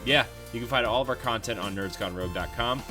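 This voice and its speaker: A man's voice: mid-range voice, fast talker, music in the background. A man hosting a gaming podcast, reading out links and sign-off in an easygoing way with fillers. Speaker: podcast host. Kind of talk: casual podcast outro.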